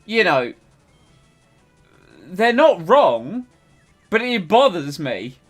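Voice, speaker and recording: Lively English man streaming a game. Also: sits high, soft background music. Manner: animated, quick to laugh. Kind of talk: casual chat while streaming a game.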